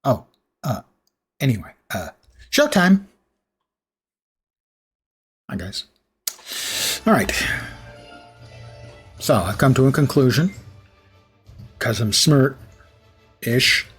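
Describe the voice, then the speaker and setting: A man with a husky, raspy voice, clearing his throat often, giving chatty live commentary while streaming a game. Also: medium pitch, animated, takes it slowly, pauses often, a bit bright, faint music behind.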